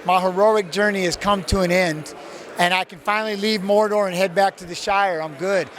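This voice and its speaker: A man's voice: high voice, moderate pace. A middle-aged man telling an emotional story as an interview guest, acting out his own quotes, outdoors. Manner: animated, acts out his own quotes, swears. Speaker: interview guest, retired fighter.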